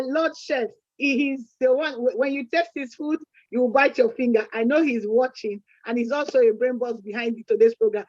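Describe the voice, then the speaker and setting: A woman's voice: high-pitched, dry recording. A woman co-hosting a community event, chatty and full of proverbs, restarting her sentences often. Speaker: event co-host. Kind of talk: closing remarks at a community event. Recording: dull lo-fi sound.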